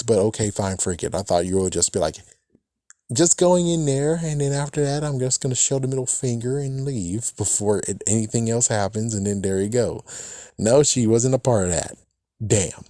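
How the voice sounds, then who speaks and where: This reviewer's fairly low, mellow voice comes through clean studio sound without echo as he chats casually about a TV episode. His talk rambles, is frequently profane, and leans heavily on "it's like" asides.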